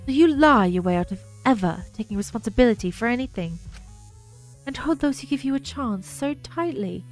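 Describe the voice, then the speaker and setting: A stern young man making cold, blunt accusations, voiced plainly by a woman. The voice is somewhat high. Soft game music runs in the background. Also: lively intonation, normal speed. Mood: accusing.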